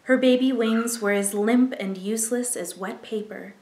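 Slow gentle library lady reading a kids book, slightly high voice, echoey room. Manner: gentle, expressive, unhurried reading. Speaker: library storyteller. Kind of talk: picture-book read-aloud.

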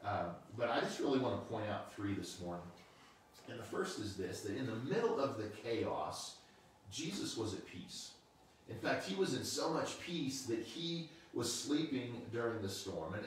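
Laid-back male pastor, low voice, sermon taped from a distance in a booming echoey room with faint hiss. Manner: relaxed, conversational, unhurried. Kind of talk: casual online sermon. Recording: very echoey room, mic far off.

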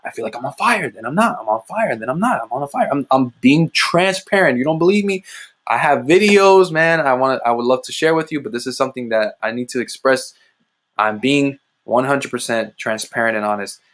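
A young adult man speaking on his own ministry livestream, talking through a personal faith testimony. He repeats phrases for emphasis and often jumps up in pitch, with a preacherly push to his delivery. His voice sits at an ordinary middle pitch for a man. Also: animated, brisk, a bit bright. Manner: emphatic, repetitive, preacherly with sudden rises in pitch. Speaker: ministry host giving testimony.

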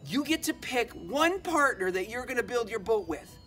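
A kind father bear calls the animals together in a booming, pitched-up shout, then turns soft and fond with his cub. A man acts him out in a storybook telling for kids. The voice sits fairly high. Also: big pitch swings, normal speed, faint music behind, full character voice. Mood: announcing. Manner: calls out announcements loudly, then softens fondly.

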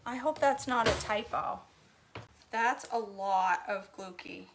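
A woman's voice: mid-range voice, slow, noisy background. A middle-aged woman chatting casually in her home kitchen as she cooks, telling stories and laughing often. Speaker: cooking vlogger. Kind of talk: casual chat while cooking, reading comments.

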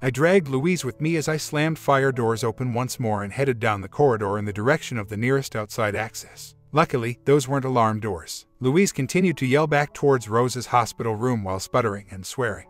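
A man narrating a first-person relationship drama story in a steady, even reading. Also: medium pitch, fairly quick, few pauses, faint music behind.

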